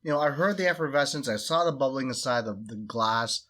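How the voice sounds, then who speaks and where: Chatty young co-host, bright voice, relaxed beer-talk delivery. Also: male voice, medium pitch, brisk. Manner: easygoing, chatty. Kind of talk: casual chat.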